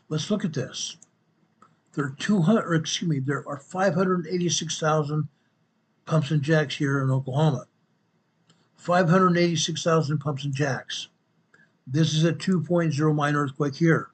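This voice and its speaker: A man hosts a casual show and walks viewers across a map, his husky voice sitting a touch high. He drives each point home by saying it again and talks straight to the audience. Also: normal speed. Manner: emphatic, repeats phrases for stress; addresses viewers directly as folks and guys. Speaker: host. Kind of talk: casual commentary over a map.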